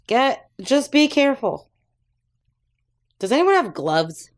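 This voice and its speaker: A woman at a tabletop game chats playfully in a high voice that swoops widely. She speaks slowly and laughs often. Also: very animated. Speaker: player. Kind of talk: casual tabletop role-play.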